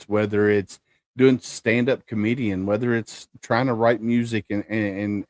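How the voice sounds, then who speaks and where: A man's voice: on the low side, no room sound, clean studio sound. Enthusiastic middle-aged male podcast host. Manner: upbeat, enthusiastic. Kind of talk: casual interview chat.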